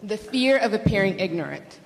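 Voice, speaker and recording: A woman giving a measured lecture in a lecture hall and repeating phrases for emphasis. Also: medium pitch, lively intonation, gravelly, slight background noise. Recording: reverberant hall.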